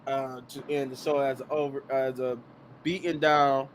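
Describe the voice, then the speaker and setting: A man co-hosting a podcast, recapping events in an animated casual way and laughing easily. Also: mid-range voice, normal speed, slight background noise. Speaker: podcast co-host.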